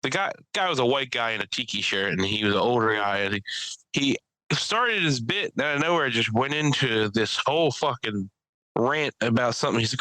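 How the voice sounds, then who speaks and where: A man's voice: medium pitch, animated, moderate pace, no room sound, poor audio. A young man, hosting a podcast and rambling through comedy stories, swearing freely. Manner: rambling storyteller, swears a lot, acts out people in loud bursts. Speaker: podcast host and stand-up comedian. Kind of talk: casual chat.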